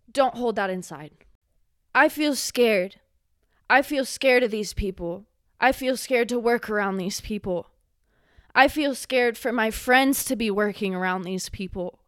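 A young woman hosts a solo podcast, talking with raw, impassioned emotion and freely swearing. Her voice sits a little high and she takes her time over every phrase. The recording is close and dry, with no room sound. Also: no echo. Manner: impassioned, swearing, rising to yelling when angry. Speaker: podcast host.

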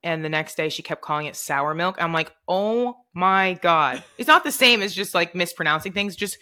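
A woman in her twenties co-hosting a podcast in casual chat, animated and laughing often as she jumps in with stories. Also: on the low side, fast. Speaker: podcast co-host.

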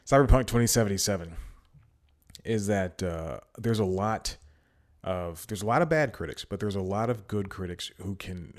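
Deep-voiced guy rambling on his podcast, kinda out of breath, lots of uh's. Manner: rambling, many fillers and self-corrections. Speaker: podcast host. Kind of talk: casual solo podcast chat.

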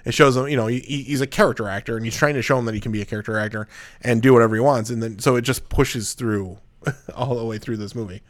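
A man's voice: mid-range voice, fast. A man in casual chat recapping a movie scene, rambling with restarts as he recalls details.

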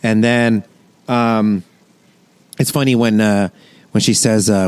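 A man's voice: fairly low pitch, steady tone, slow, darkish tone, smooth, no room sound. Rambling man in casual podcast chat. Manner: rambling, many fillers and restarts. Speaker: podcast co-host. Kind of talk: casual chat, reacting to a sitcom episode.

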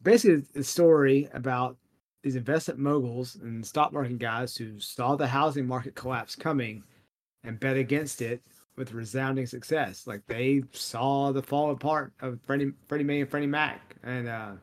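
A man's voice: medium pitch, moderate pace. Laughing, rambling podcast co-host man. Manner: animated, laughing, lots of fillers. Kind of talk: casual chat.

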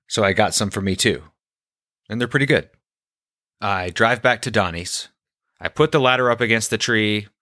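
A man hosting a storytelling podcast, recounting a personal story in a deadpan, conversational way. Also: on the low side, dry recording, studio quality.

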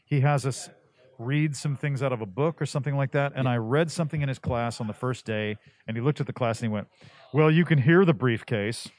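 A man's voice: mid-range voice, fast talker. A man with a radio-ish voice, a voice actor guest chatting casually in an interview and acting out the people he quotes. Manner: animated storyteller, acts out quotes.

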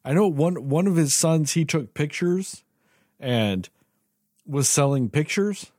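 A man's voice: a little high, animated, slow pace, darkish tone, no echo, studio quality. A man co-hosting a film review podcast, speaking bluntly and swearing casually. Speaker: podcast co-host.

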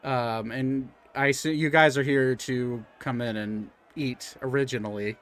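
A man's voice: medium pitch, steady tone, unhurried, a bit bright, some chatter behind. A young man narrating as game master, rambling with lots of fillers and restarts. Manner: rambling with fillers, jumps into character voices.

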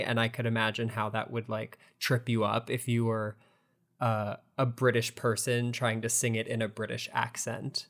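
A man from the United States co-hosting a theatre podcast, chatting in an animated, storytelling way. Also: mid-range voice, moderate pace. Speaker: podcast co-host. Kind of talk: casual chat.

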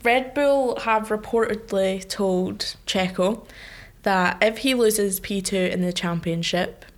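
A woman's voice: medium pitch, slow. Friendly woman co-hosting a podcast. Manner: friendly, agreeable, laughs often. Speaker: podcast co-host. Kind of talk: casual chat.

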